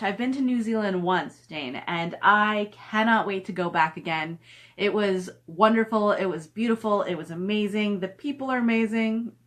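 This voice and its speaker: A woman's voice: medium pitch, a bit bright. Chatty middle-aged woman on a livestream. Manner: chatty, reads viewer comments aloud and coos at her dog. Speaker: author hosting a live stream. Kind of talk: casual live-stream chat. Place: at home.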